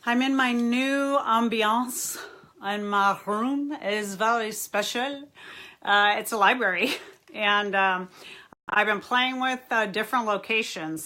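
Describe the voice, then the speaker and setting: A bright, crisp-voiced woman from Southern California hosts a casual live-stream chat from a library room at home. She is upbeat and hyper, greets viewers by name and laughs often as she talks straight to the camera. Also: mid-range voice. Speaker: therapist hosting a live chat.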